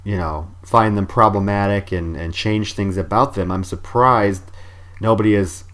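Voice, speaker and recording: A man's voice: on the low side, normal speed, a bit bright. A man co-hosting a film podcast, recapping scenes in a loose, chatty way and swearing freely. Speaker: podcast co-host. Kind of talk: casual film review chat.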